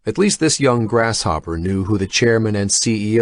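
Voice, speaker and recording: A man narrating a horror thriller audiobook in measured, scripted storytelling. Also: on the low side, no room sound, clean studio sound.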